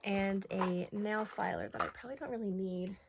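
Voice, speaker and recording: A woman's voice: mid-range voice, normal speed, vocal fry, noisy background. Bubbly woman chatting while getting ready. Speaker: vlogger. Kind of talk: casual get-ready-with-me chat.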